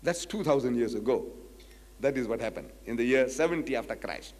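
A man's voice: mid-range voice, expressive, a little fast, a little mellow, in a large hall. A man giving a public lecture, reading quotes from a book and pressing his point with emphatic rhetorical questions. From South Africa. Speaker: Islamic lecturer.

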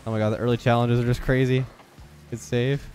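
A young man with a stuffed-up, nasal voice, giving quick, focused play-by-play commentary on his own game. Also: mid-range voice, level tone, darkish tone, soft background music. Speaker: gaming YouTuber. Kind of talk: live gameplay commentary.

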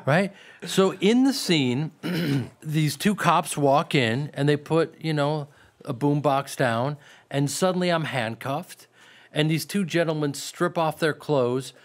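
A man's voice: fairly high pitch, slow. A man who is a guest on a podcast, telling an anecdote in casual chat and acting out what others said. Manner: animated storyteller acting out quotes.

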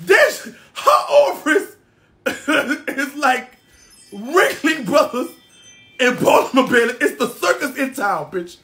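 With faint music behind him, a man with a very high, very animated voice rants slowly in a sharp tone. The internet personality roasts brashly and boastfully, cursing constantly and laughing a lot.

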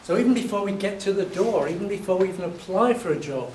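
A man from England lectures a class, his somewhat raised voice slightly hoarse as he acts out his examples with lively storytelling. He is picked up from a distance in a reverberant hall, with a faint hum of room noise underneath. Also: high voice, quick pace. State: voice a little hoarse. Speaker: university lecturer.

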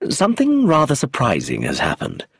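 A man voicing a senior police official and father who explains matters briskly. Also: medium pitch, huge pitch swings, vocal fry, slightly rough, no room sound, clean studio sound, voice pushed up, full character voice. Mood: explaining.

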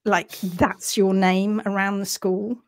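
A woman's voice: medium pitch, level tone, slow. A woman voicing an amused, unbothered female head of department in a dry, offhand way.

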